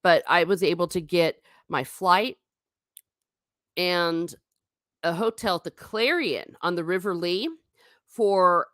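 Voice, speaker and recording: A woman's voice: no room sound, studio quality. A middle-aged woman hosting a livestream, chatting casually and rambling, reading comments from chat. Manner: chatty, rambling, animated pitch swings.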